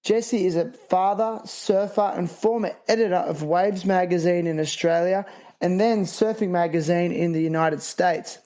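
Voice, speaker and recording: A man's voice: high-pitched, normal speed, warm tone. A man hosting a podcast interview, reading sponsor spots and chatting in laid-back surfer slang. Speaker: podcast host. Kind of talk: casual interview.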